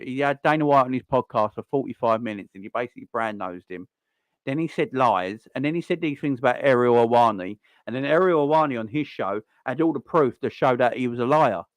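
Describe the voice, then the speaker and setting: A man chatting live to his viewers while a match plays, blunt and repetitive, full of fillers and asides. His pitch sits in an ordinary middle range. The sound is dry and close, with no room around it. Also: no echo. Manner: chatty, blunt, repeats himself, frequent fillers. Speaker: livestream host reacting to a football match. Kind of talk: casual live chat reading viewer comments.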